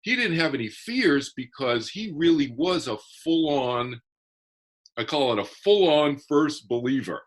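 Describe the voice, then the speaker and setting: A man's voice: on the high side, lively intonation, a little slow. A man, an author being interviewed, explaining his ideas earnestly in casual conversation and often restarting his phrases.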